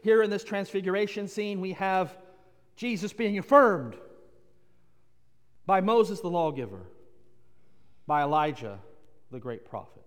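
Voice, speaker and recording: A pastor with a high, expressive, smooth voice delivers a sermon at a measured pace with long pauses, building points through repetition and adding playful asides. A long, church-like reverb surrounds his words.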